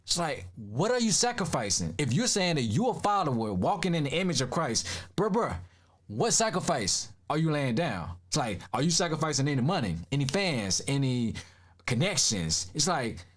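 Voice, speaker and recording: A man's voice: on the high side, sing-song, moderate pace. A man giving casual reaction commentary, emphatic and slangy, laughing often.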